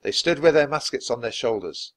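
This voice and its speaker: A man reading a children's storybook aloud for English learners in a clear, steady, measured way. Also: mid-range voice. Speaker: storybook reader.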